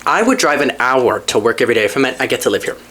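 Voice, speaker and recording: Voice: racing, slight background noise. Candid, profane podcast host rambling. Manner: animated, jumps between low mutters and excited highs. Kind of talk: casual storytelling chat.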